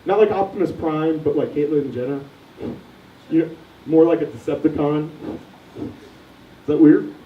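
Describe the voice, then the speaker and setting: A man's voice: a little high, moderate pace, pauses often, far from the mic, a little hiss or hum. A young man doing a crude, rambling stand-up set, quizzing the audience, recorded from afar in an echoey lo-fi room. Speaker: stand-up comedian.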